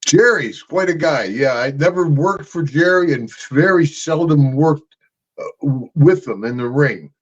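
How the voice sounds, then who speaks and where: An older man co-hosting a podcast in casual chat, gruff and boisterous, with loud shouted asides. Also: on the high side, a little slow. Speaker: podcast co-host, retired wrestler. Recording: dull lo-fi podcast audio.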